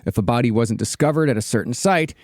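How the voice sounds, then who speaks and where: A man's voice: mid-range voice, expressive, fast talker, a little mellow, no echo. A man hosting a podcast, reading a researched true-crime account with dry asides between co-hosts' banter. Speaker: podcast host narrating a true-crime case.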